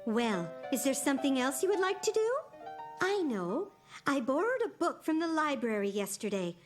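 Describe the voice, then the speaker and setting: A patient cartoon grandmother, kind and coaxing with gentle questions. Her voice rides high with lively, lilting turns. Children's music runs underneath. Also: moderate pace. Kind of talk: cartoon voice acting.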